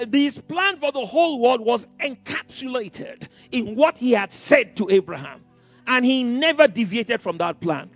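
Male preacher, exuberant and halting, with a high, gravelly voice. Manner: exuberant, rallying the congregation, bursts of emphasis; halting, with many fillers and restarts. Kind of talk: sermon.

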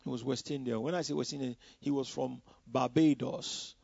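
A man's voice: mid-range voice, steady tone, moderate pace, vocal fry, a little mellow, breathy edge, dry recording. A man from Nigeria, preaching a personal testimony in a loose, conversational way with many "you know" asides. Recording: dull, dry lo-fi recording.

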